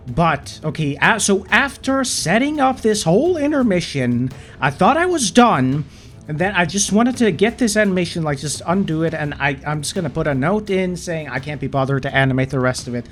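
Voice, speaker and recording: A channel host with a slightly high, very animated voice rants in exasperation while recording his screen, swearing heavily and often stammering into restarts. He talks at normal speed with a somewhat bright sound and a sore throat, and soft music plays in the background.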